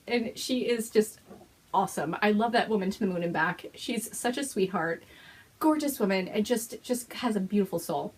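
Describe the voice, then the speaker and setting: Gushing, excitable woman host, lively pitch. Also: normal speed, slightly rough. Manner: gushing, breathless gasps and whispered exclamations. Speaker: host of a knitting and fiber podcast. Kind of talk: excited casual show-and-tell chat.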